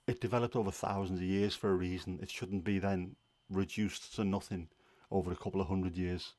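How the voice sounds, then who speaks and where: A man's voice: low-pitched, steady tone, a little fast, a little mellow, dry recording. A man hosting a casual livestream, chatty and opinionated, rambling with fillers. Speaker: livestream host.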